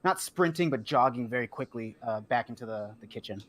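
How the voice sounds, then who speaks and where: A man's voice: mid-range voice, lively intonation, brisk, a bit bright. A man narrating as game master of a tabletop game, rambling with many ums and uhs.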